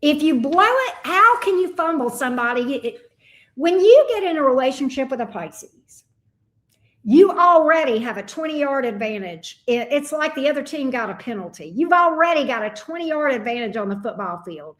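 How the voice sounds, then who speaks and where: A woman's voice: high voice, very animated, normal speed, a bit bright. A middle-aged woman giving a casual tarot reading, blunt and profane, full of folksy sayings. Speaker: tarot reader. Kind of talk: casual astrology reading chat.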